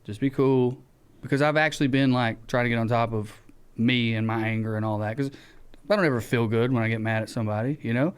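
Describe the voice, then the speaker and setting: A man with a Southern US accent, co-hosting a podcast, who tells a story in casual chat, acting out the shouted lines and swearing freely. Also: medium pitch, fast, clear, resonant tone. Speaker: podcast co-host.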